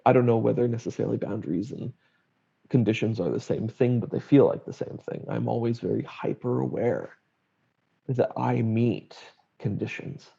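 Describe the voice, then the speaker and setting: Young man, gravelly and dark-toned, wry candid storyteller, dull lo-fi recording. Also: mid-range voice, moderate pace. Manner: wry, blunt, acts out family quotes. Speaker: guest sharing his story. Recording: dull lo-fi audio.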